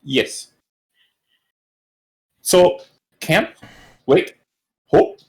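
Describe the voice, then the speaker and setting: Guy playing a bird-person adventurer, choppy broken words, super slow, pitch bouncing around. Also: very animated, gravelly, a little mellow, heavily acted. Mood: terse. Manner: clipped, broken phrasing. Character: terse male bird-folk adventurer, clipped broken speech.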